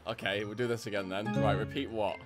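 A man's voice: on the low side, flat delivery, over loud music. Teasing man gaming. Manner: teasing, mocking, quick to laugh. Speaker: gaming video host. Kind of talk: casual multiplayer gaming banter.

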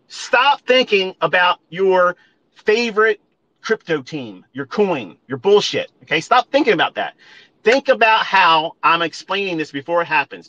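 A man's voice: high voice, bright, forceful tone, dull audio. A man ranting at listeners on a live audio stream, profane and emphatic, repeating his points and calling them folks. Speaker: trading educator.

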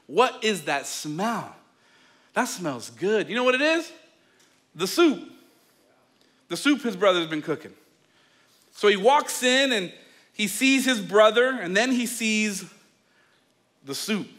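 Bright, high-voiced male pastor preaching. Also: a little slow, pauses often. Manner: animated storytelling, acting out scenes; addresses listeners directly. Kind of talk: sermon.

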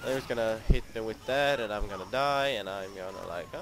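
A man's voice: lowish voice, brisk, noisy background. A young man giving live commentary over his own gameplay, frustrated, swearing and mocking his own skill in rambling talk.

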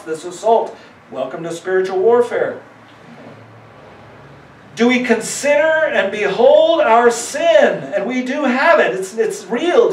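Man, pastor, high voice, conversational sermon, acts out quoted voices, distant mic, echoey church. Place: church sanctuary.

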